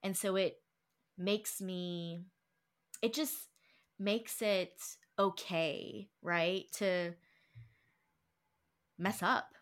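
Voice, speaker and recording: A woman's voice: on the low side, fairly even intonation, drawn-out words, long pauses. A young woman hosting a book club chat, reading quotes aloud, laughing and getting emotional as she talks. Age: young adult. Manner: emotional, warm-hearted, laughs often, reads quotes aloud. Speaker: book club podcast host. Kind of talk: casual chat.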